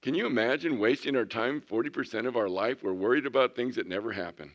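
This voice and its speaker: A man in his sixties preaching a folksy sermon, swinging from loud bursts to hushed tones. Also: mid-range voice, fast talker, dull audio. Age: 60s. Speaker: pastor.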